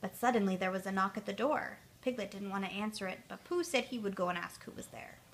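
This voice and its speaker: A woman storyteller reading a children's storybook aloud, clear and expressive. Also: mid-range voice, fast talker.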